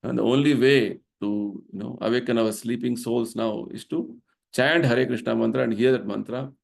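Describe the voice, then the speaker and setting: A man's voice: mid-range voice, normal speed, gravelly. A middle-aged man giving a devotional lecture at a temple, explaining his points earnestly and checking in with the listeners by asking "right?". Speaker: temple vice president giving a spiritual talk.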